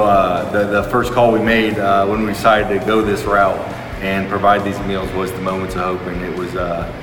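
A man's voice: on the low side, echoey room, in a large hall, distant mic. A man speaking sincerely and hesitantly about a meals ministry, with many fillers. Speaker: ministry worker.

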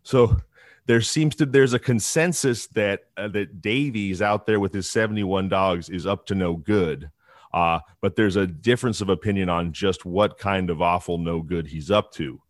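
Man, very low voice, dry close sound, casual true-crime storytelling, chatty with restarts. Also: normal speed, no room sound. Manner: conversational, frequent restarts and asides.

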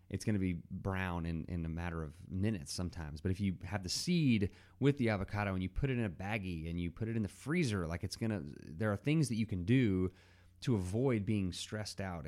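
A man with a low, mellow voice hosts a casual solo podcast. He rambles, with lots of fillers and restarts.

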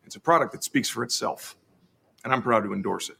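An actor playing a smug, deadpan TV spokesman in a spoof ad, speaking with a smooth, confident pitch. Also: fairly quick, exaggerated voice. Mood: deadpan salesy. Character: smug male ham-selling TV pitchman, deadpan. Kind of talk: comedy sketch ad read. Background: music under the ad.

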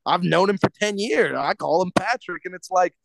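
A man's voice: high-pitched, moderate pace, creaky, dry recording. A man co-hosting a podcast, ranting profanely in casual chat with lots of stumbling restarts. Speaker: podcast co-host.

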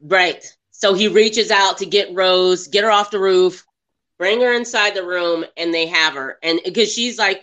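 A woman talks casually about a film she just watched. Her voice is bright and sharp. She retells scenes with animation and slips into quoting the characters. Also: mid-range voice, unhurried. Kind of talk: casual movie review chat.

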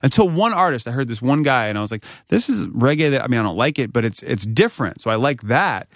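A man's voice: mid-range voice, animated, fast talker, dry recording, clean studio sound. A man co-hosting a podcast, chatting casually and cracking playful jokes. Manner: jokey, playful wordplay. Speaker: podcast co-host. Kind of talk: casual chat.

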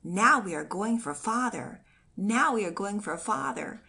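A woman voicing an eager little boy in a storybook reading, excited and insistent. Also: fairly high pitch, normal speed, voice pushed up, lightly acted.

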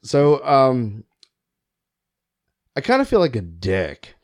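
A man's voice: mid-range voice, wildly swooping pitch, takes it slowly, darkish tone. A man co-hosting a podcast, chatting enthusiastically and swearing casually. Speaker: podcast co-host. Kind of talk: casual chat.

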